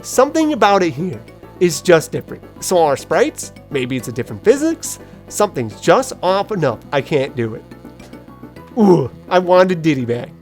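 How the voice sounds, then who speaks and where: A woman hosting a casual gaming video, telling a story in an animated, self-deprecating way and laughing often. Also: sits low, moderate pace, soft background music. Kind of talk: casual let's play commentary.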